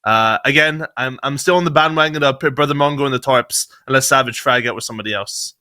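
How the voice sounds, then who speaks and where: A man co-hosting a gaming podcast, talking in an animated, joking and emphatic way. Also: medium pitch, quick pace. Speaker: podcast co-host. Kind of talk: casual chat.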